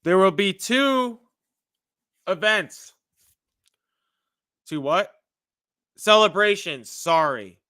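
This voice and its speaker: Bright, tense-voiced male livestream preacher. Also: high voice, animated, drawn-out words, long pauses, dry recording, clean studio sound. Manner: casual, chatty with viewers, uses "dude" and "you know". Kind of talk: casual livestream testimony and prophecy.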